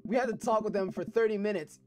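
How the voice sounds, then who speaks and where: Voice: mid-range voice, quick pace, music in the background. A young adult let's play gamer reading a dating game's dialogue aloud and riffing on it in a loose, profane, laughing way. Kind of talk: casual let's play commentary, reading game text aloud.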